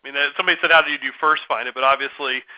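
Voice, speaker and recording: A man hosting a webinar, asking a guest questions in quick, loose phrasing over muffled audio. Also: medium pitch, steady tone. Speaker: webinar host. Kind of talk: conversational interview question.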